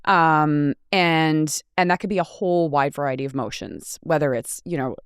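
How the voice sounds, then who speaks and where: A woman's voice: deep voice, moderate pace, clear, resonant tone, no room sound, studio quality. A woman in her late forties co-hosting a podcast, talking in a thoughtful, reflective way with frequent fillers. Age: 40s. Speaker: podcast co-host. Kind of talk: casual conversation.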